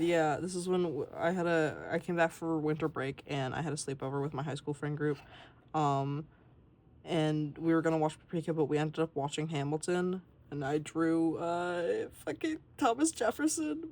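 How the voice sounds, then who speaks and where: A young adult artist giving a casual, rambling tour of a sketchbook and swearing freely along the way. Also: medium pitch.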